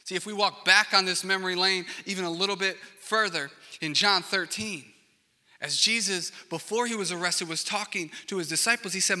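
Guy preaching, earnest, goes quiet then fired up, really bright tone, big church echo. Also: high voice, a little fast. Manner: earnest, swings from hushed to loud and passionate. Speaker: pastor. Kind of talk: sermon.

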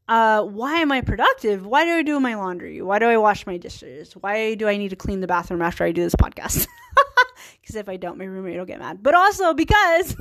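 A woman in her thirties hosts her own podcast, chatting earnestly and giggling at her own asides. Her voice sits a little high. The sound is close and dry, with no room around it. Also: dry recording. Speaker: podcast host. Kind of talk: casual solo podcast monologue.

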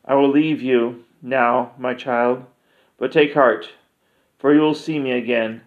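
A man voicing a calm, solemn male pilgrim who speaks in measured, grave pronouncements. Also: medium pitch, vocal fry. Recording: dull lo-fi recording.

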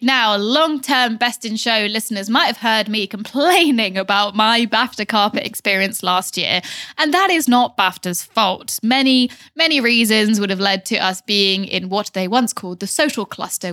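A young woman reporting on a film podcast, chatting in a rambling, animated way with plenty of asides. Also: fairly high pitch, dry recording, studio quality. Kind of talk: casual podcast chat.

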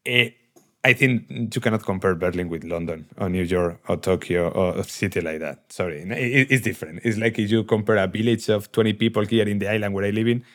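A low-pitched man with a Spanish accent chats on a podcast. He talks in animated bursts, laughs often and repeats words as he hunts for the next one. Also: fairly quick. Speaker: podcast co-host. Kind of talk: casual chat.

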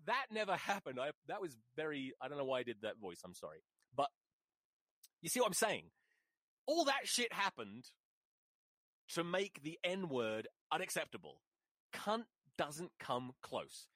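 A man hosting a solo podcast, telling stories in a profane, animated ranting way. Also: on the high side, a little slow, pauses often, no room sound. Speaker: podcast host.

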